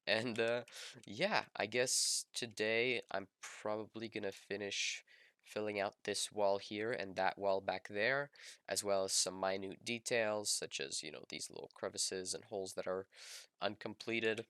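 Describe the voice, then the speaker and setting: A student narrates a voice-over documenting his 3D modeling project, laid-back and self-mocking, rambling with lots of ums and restarts. His fairly low voice is pushed and bright, with a clear, resonant tone and clean, echo-free studio sound.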